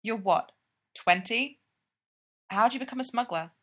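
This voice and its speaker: A woman's voice: a little high, unhurried, a bit bright. A woman voicing a haughty young woman who is cool, blunt and teasing.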